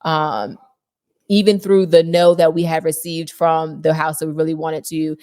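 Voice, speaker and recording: Low-voiced earnest woman, dry sound. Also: fairly even intonation, normal speed, darkish tone, no room sound. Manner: earnest, speaks of faith and thankfulness. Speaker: podcast co-host. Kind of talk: casual reflective storytelling.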